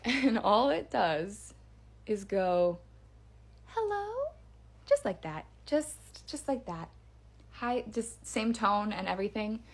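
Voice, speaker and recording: A woman's voice: medium pitch, expressive, slow pace. A woman casually telling a first-person scary story in a chatty way, with fillers and restarts.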